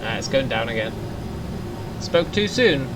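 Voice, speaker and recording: A man's voice: mid-range voice, very animated, measured pace, very noisy. A young man giving casual gameplay commentary, thinking aloud and muttering to himself as he plays. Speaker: gaming YouTuber.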